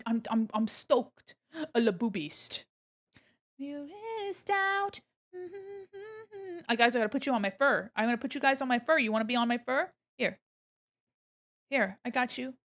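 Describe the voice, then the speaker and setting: A woman's voice: a little high, moderate pace, fairly bright tone. A woman art streamer chatting playfully with her viewers, humming and singing along as she works. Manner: playful and chatty, hums and sings along to music. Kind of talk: casual livestream chat to viewers.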